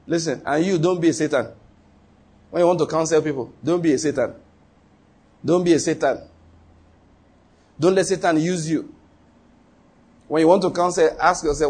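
A man's voice: fairly high pitch, moderate pace, long pauses, darkish tone, breathy edge. A man preaching a sermon as pastor, emphatic and repetitive, often quizzing the congregation with rhetorical questions.

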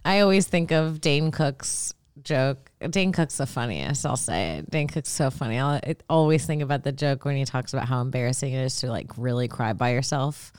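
A woman's voice: very deep voice, moderate pace, few pauses, darkish tone, smooth, dry recording. A young woman co-hosting a casual chat podcast, crude and teasing.

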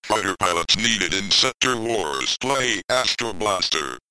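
A male arcade game voice with flat synthetic speech, over loud electronic game music. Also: fairly low pitch, a little slow, full character voice, low-quality recording. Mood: commanding.

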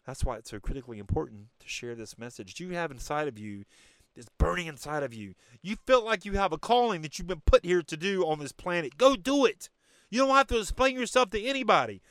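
Man, motivational podcast host, emphatic and preachy, smooth resonant voice, dry close sound. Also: fairly high pitch, lively intonation, fairly quick, fairly bright tone, dry recording. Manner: emphatic and preachy, direct to listener. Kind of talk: motivational monologue.

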